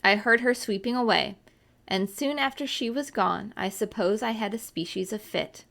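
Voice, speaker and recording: A woman reading a classic novel aloud in a measured, expressive way. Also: mid-range voice, creaky. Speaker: audiobook reader.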